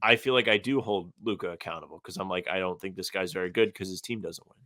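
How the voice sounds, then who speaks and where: A man with a bright, forceful voice chats on a sports podcast, reading listener comments aloud and weighing in bluntly. His voice sounds dry and close to the mic. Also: low-pitched, quick pace, dry recording. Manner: reads listener comments aloud, opinionated and conversational. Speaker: podcast co-host. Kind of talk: casual sports podcast chat.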